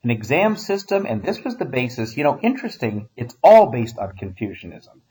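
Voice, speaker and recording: A man's voice: medium pitch, sing-song, moderate pace, a little mellow, a little hiss or hum, poor audio. A man, a history teacher, giving a casual recorded lecture with wry asides and frequent fillers.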